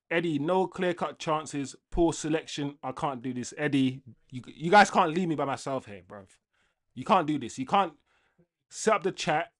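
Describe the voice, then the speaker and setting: Angry young man ranting on a livestream. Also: on the high side. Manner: angry, ranting, lively with laughs. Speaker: fan livestream host. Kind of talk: casual watchalong livestream chat.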